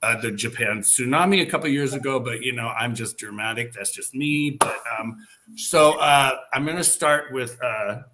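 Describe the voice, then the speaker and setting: A man hosting a casual live video-call chat, talking in a rambling, animated way with many fillers. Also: medium pitch, moderate pace, slight background noise. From Northern California. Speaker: host.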